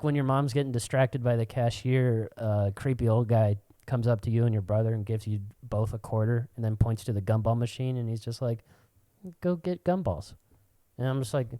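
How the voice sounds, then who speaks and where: A man's voice: mid-range voice, dark tone, no echo. A young man co-hosting a podcast, telling childhood stories in casual chat, swearing and laughing often. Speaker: podcast co-host.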